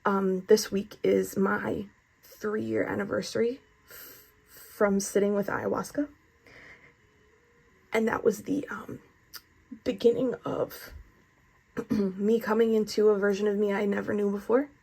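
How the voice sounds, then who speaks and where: A woman's voice: mid-range voice, little pitch movement, unhurried, gravelly, pauses often, mellow, breathy edge. A woman doing a tarot reading in an earnest, effusive, spiritual way, talking casually to her viewers. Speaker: tarot reader.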